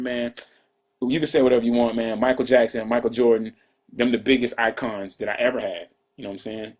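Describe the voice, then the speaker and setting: A man tells a personal story in a quick, husky voice, drawling and looping back through asides and restarts. His voice comes through a dull, lo-fi livestream recording. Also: lowish voice, a little mellow. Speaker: rapper telling a story to fans. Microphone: livestream computer mic.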